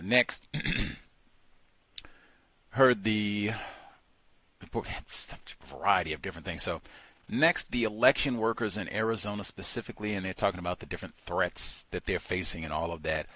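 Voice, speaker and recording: Animated man mocking in commentary. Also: lowish voice, dry recording. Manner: lively, mocking, acts out voices in his own telling. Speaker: co-host of a call-in talk show.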